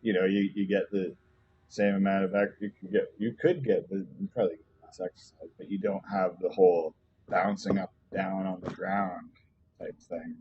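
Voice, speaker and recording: This young gamer streams while spinning a rambling personal tale, heavy on fillers and swearing. His low voice keeps a fairly even intonation at a normal speed, with slight background noise, a dull lo-fi mic, and faint game music.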